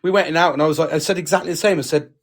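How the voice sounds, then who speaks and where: A man's voice: a little high, fairly even intonation, very fast. A British man co-hosting a casual podcast chat, frank and sweary, talking with emphasis. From United Kingdom. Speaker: podcast co-host.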